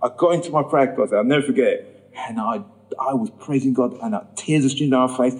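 A man telling his personal testimony in a sermon, acting out the voices in his story and rising high when he gets emphatic. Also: fast talker, low-quality recording. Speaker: preacher giving testimony.

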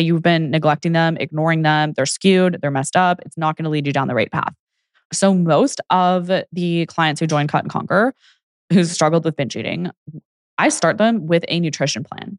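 Speaking in a low-pitched voice, a young adult fitness coach carries her podcast alone in a casual monologue. "Like" comes up again and again, and she acts out the people she quotes. The audio is studio quality, with no echo.

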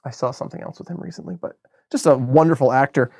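An American man co-hosting a casual film podcast, talking in an animated, rambling way and often stopping to restart a thought. His voice sits at a middle pitch. It is recorded close and dry, with no room sound. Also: fast talker, gravelly, no room sound. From United States. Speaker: podcast co-host. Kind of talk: casual film review chat.

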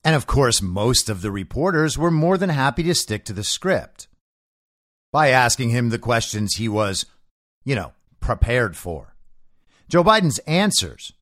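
A man hosts an opinion show, talking in a mocking, sarcastic way. His pitch rises and falls a lot as he drives his points home. The recording is dry and close. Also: big pitch swings, unhurried, fairly bright tone, dry recording. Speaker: show host. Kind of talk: opinion commentary monologue.

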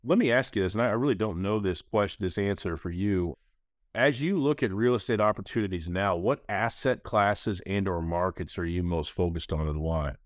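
A man in his thirties hosting a casual podcast, telling stories in an animated way. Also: sits low, normal speed, no echo, clean studio sound. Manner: animated storyteller, acts out quoted voices. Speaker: podcast host.

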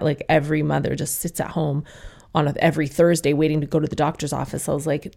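A woman's voice: low voice, little pitch movement, quick pace, gravelly, dark tone. A young woman telling a candid, swearing personal story as a casual monologue and acting out the people she quotes.

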